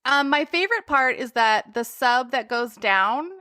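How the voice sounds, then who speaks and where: A woman's voice: sits high, animated, measured pace, bright, forceful tone. A woman co-hosting a podcast, making joking asides in casual recap chat. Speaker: podcast co-host.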